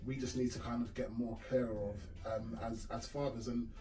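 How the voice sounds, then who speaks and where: A man's voice: mid-range voice, little pitch movement, normal speed, dark tone. A man appearing as a guest on a podcast, chatting casually and agreeing often with the host. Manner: agrees a lot, backchanneling "yeah, yeah, yeah". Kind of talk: casual conversation. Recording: distant mic with faint music.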